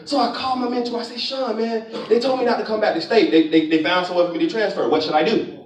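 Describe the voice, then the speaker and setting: High, lively man in an echoey hall. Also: fast, far from the mic. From Florida, US. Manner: preacher-like, calls out to the audience. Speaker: motivational speaker. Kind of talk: live motivational talk. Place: large conference auditorium. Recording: echoey hall, speaker off-mic.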